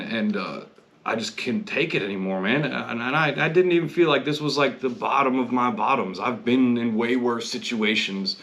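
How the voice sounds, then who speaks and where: A man's voice: on the low side, a bit bright. A man hosting a podcast, telling his own story bluntly and candidly, with heavy swearing. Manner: blunt, heavily profane, candid. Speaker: podcast host. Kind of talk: personal storytelling monologue.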